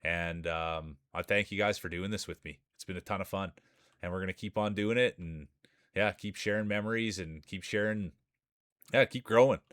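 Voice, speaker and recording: With a low, slightly bright voice at a moderate pace, a race commentator calls live marble races announcer-style and chats with his viewers along the way. The recording is dry and clean, with studio sound.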